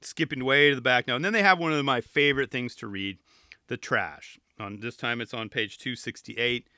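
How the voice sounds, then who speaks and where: A man's voice: mid-range voice, normal speed, pushed and bright, no room sound, studio quality. A man hosting a podcast, chatting casually and joking as he flips through a magazine, with rambling asides and playful pleading. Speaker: podcast host. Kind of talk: casual chat reviewing a magazine.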